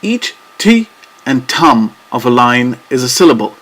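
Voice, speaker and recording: Man narrating a lesson, measured and deliberate. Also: mid-range voice, big pitch swings, a bit bright. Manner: measured, deliberate reading with rhythmic emphasis. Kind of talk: scripted educational narration.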